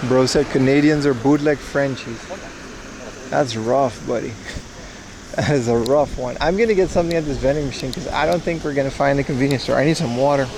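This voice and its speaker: Walking outdoors through the streets of a town, a young man runs a livestream and jokes around with viewers, wry and rambling. He speaks in a medium pitch, a little fast, with background noise audible.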